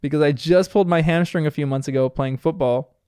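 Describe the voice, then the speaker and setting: Animated young man, smooth voice. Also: fairly high pitch, a little fast, no echo, clean studio sound. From United States. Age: young adult. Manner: animated, amused, laughs often. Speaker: episode reviewer. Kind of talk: casual commentary.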